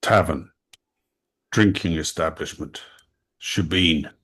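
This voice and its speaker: A man's voice: very deep voice, slow, a bit bright, slightly rough. A man playing his character at a tabletop game, asking short, curt questions. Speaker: player. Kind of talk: in-character tabletop role-play.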